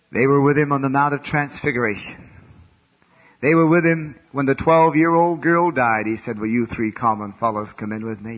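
Fervent husky-voiced preacher, lo-fi recording. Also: male voice, lowish voice. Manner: swings from hushed to loud fervent preaching. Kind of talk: revival sermon. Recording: dull lo-fi recording.

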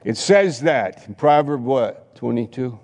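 A man preaching a sermon in a church, emphatic, with sudden loud rises and repeated phrases. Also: medium pitch, animated, unhurried, long reverb tail. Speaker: pastor.

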